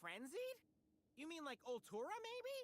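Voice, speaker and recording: A woman voicing a chatty, excitable little cat-like companion in a video game, talking in bouncy exclamations. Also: sits high, unhurried, a little hiss or hum, full character voice. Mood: eager. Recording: game audio with loud music. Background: game soundtrack music.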